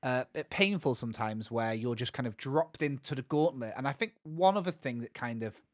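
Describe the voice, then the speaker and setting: A man's voice: medium pitch, expressive, fairly quick, no echo, studio quality. A man co-hosting a gaming podcast, talking casually and rambling with lots of restarts and asides. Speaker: podcast co-host. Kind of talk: casual chat.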